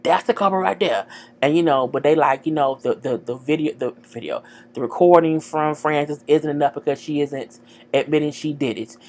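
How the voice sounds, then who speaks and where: Low-voiced woman chatting frankly. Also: fairly even intonation, moderate pace, a little mellow. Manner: chatty and frank, lots of "girl" and "you know". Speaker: TV show recapper. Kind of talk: casual episode recap.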